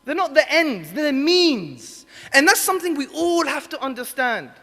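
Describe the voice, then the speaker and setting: A man delivers a religious talk to a gathered audience, passionate and emotional, sometimes dropping to soft, intimate tones. His voice sits very high and sounds bright and forceful. His words ring out with a long hall reverb. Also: sing-song, moderate pace. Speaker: Islamic speaker.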